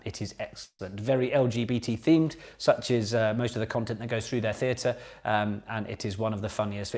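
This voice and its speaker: A man hosting a casual online pub quiz. He talks in a chatty, jokey way, repeats each question and reads out comments from viewers. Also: lowish voice. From Britain.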